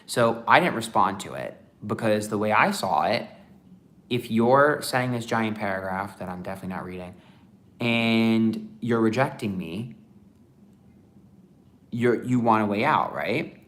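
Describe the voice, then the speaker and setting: A man's voice: lowish voice, expressive, unhurried, a bit bright. A man chatting casually on a livestream as a tarot reader, rambling with lots of fillers.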